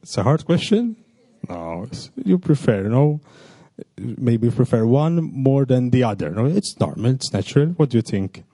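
A man who is a priest with a non-native English accent. He reads a gospel passage, then gently questions children, ending his sentences with tag words. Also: medium pitch, sing-song, moderate pace, breathy edge, no room sound. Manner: gentle, coaxing, repeats questions, ends with "no?" and "okay?".

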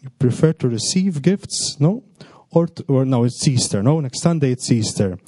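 A man who is a priest with a non-native English accent. He reads a gospel passage, then gently questions children, ending his sentences with tag words. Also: mid-range voice, expressive, normal speed, slightly rough, no echo. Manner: gentle, coaxing, repeats questions, ends with "no?" and "okay?".

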